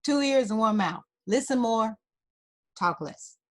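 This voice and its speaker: A woman counselor appears as a talk-show guest offering parenting advice, her voice on the high side, expressive and unhurried. She speaks in an emphatic, teacherly manner, repeating her key points throughout the interview.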